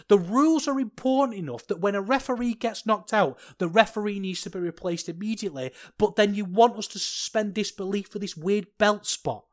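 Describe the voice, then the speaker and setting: Podcast co-host, mid-pitched voice, passionate opinionated delivery. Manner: impassioned ranting, then sheepish and soft. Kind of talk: casual podcast review chat.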